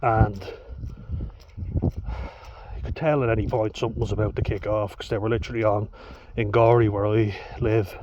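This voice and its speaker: A young Irish man with a fairly low voice tells a story in a blunt, sweary way. The recording is dull and lo-fi, with a faint hiss behind him. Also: a little mellow. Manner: blunt, sweary, laughs between lines. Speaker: vlogger. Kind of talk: casual storytelling monologue.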